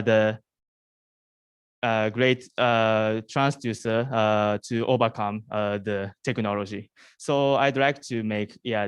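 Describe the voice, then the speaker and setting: A man answers jury questions at a pitch event, thinking aloud in short bursts. His English halts, with frequent pauses and restarts. His voice sits at an ordinary pitch and sounds close and dry. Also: smooth, no room sound. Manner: hesitant, full of pauses and restarts. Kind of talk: halting non-native Q&A answers.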